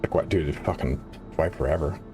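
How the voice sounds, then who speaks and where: A man chatting casually while live-streaming a game, excitable and swearing, his voice jumping up high when he gets worked up. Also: a little fast, faint music behind.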